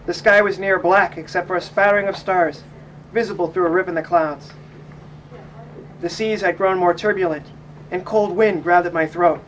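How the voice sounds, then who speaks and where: A young man calmly reading his first-person memoir of sailing aloud. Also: sits high, distant mic, low-quality recording. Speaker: audiobook narrator. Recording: faint noise, voice set back from mic.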